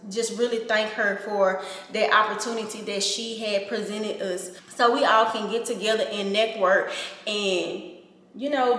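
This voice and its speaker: A woman speaks to her camera in a casual, heartfelt way, and her voice sits a little high. She is earnest and emphatic and circles back over her points. The sound is roomy, with a long echo trailing off her words. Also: fairly bright tone. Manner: earnest, emphatic, repeats herself. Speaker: vlogger. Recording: echoey room with long reverb.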